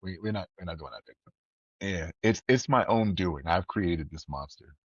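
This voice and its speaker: Lively low-voiced man telling stories. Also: normal speed, husky, no echo, muffled recording. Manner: animated storyteller who acts out quoted voices. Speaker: podcast co-host. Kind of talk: casual podcast chat.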